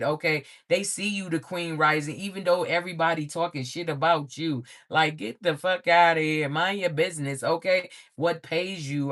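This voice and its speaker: Profane, lively man reading tarot cards. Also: fairly high pitch. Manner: profane, frequent "okay?" check-ins; animated, laughs often. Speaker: tarot reader.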